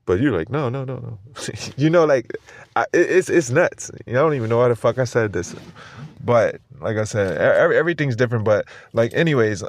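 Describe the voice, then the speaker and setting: In a casual, profane podcast monologue, a male host rambles along, cursing freely and laughing a lot. He's an adult with a school-age child, and his medium-pitched voice is expressive and fairly quick.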